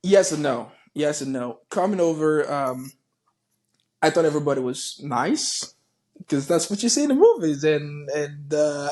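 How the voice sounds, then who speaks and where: Animated Nigerian-born man chatting. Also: fairly high pitch, normal speed. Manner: animated, swearing, repeats words. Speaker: podcast guest. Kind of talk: casual podcast chat.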